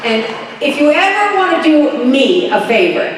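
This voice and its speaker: A woman's voice: high voice, big pitch swings, normal speed, noisy background. A woman answering fan questions on a convention stage, with a theatrical and emphatic delivery. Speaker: convention panel guest. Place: large convention hall stage. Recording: echoey hall from far off, crowd.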